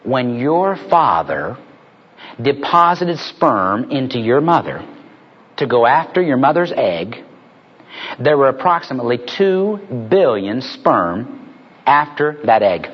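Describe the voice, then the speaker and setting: A man preaching a sermon, telling humorous stories and building to punchlines in an animated way. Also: mid-range voice, slow, husky. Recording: dull lo-fi recording.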